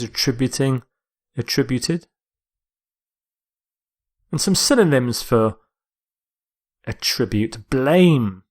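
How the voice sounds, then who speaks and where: A man teaching English vocabulary in a lecture, speaking deliberately and repeating key words. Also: mid-range voice. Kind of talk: slow scripted vocabulary lecture.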